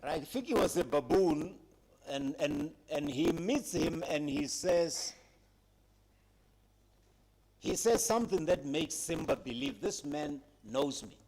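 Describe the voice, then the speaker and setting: A man giving a public speech at a heritage conference, retelling a story dramatically with emphatic pauses and addressing young people. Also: on the high side, a little mellow.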